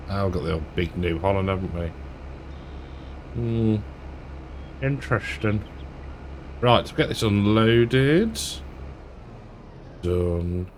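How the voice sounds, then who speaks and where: Casting note: male gamer, low voice, unhurried, muttering through a farming session over faint engine hum. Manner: relaxed, thinks aloud, chuckles to himself. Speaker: game streamer. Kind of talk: casual let's-play commentary.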